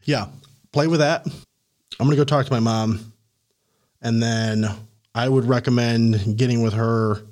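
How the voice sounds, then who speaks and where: A man hosting a podcast, coaching a guest in a casual, animated way, laughing and acting out the people he quotes. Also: medium pitch, a little slow, pauses often. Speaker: podcast host and career coach.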